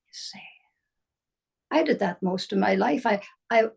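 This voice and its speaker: An older woman giving a slow, musing spiritual talk, dropping at times into soft whispers. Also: mid-range voice, gravelly, husky. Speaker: spiritual teacher. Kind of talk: reflective spoken talk.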